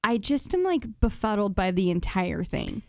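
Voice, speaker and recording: A woman's voice: mid-range voice, big pitch swings, moderate pace, creaky, darkish tone, no echo, studio quality. A woman co-hosting a casual pop-culture chat, wry and chatty, with lots of filler words. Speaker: podcast co-host.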